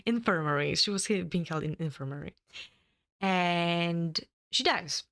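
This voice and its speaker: Female co-host, low voice, halting plot recap. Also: fairly bright tone. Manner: halting, many ums and restarts. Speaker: book reviewer co-host. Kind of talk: casual chat, retelling a plot.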